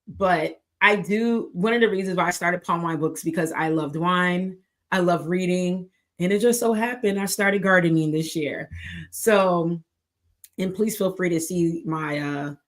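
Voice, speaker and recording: A young adult woman with an American accent, hosting a book club livestream in a chatty, playful way with laughing asides. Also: on the low side. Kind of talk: casual livestream chat.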